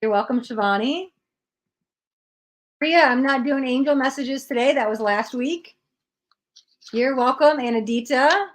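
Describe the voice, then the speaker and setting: A woman's voice: high-pitched, a little slow, pauses often. A woman reading tarot cards on a live stream, chatting with viewers and giving blunt readings. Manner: blunt, chatty, reads out chat comments.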